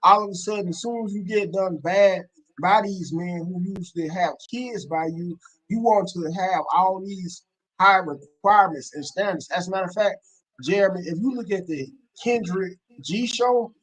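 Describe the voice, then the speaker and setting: A man's voice: high voice, normal speed, poor audio. A man calling into a live show, making a long, blunt argument built on an analogy. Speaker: caller. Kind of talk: call-in commentary.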